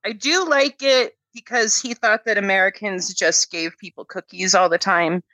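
Woman comedian, bright voice, dry close sound, loose rambling delivery. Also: medium pitch, fairly even intonation, normal speed, dry recording, poor audio. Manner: rambling, hesitant with ums, laughing. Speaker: comedian guest. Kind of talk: casual storytelling.

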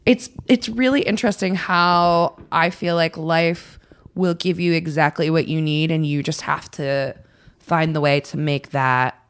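A woman's voice: deep voice, measured pace, clear, resonant tone. A woman in her thirties, a podcast guest talking candidly and rambling, swearing freely and poking fun at herself. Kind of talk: candid casual chat.

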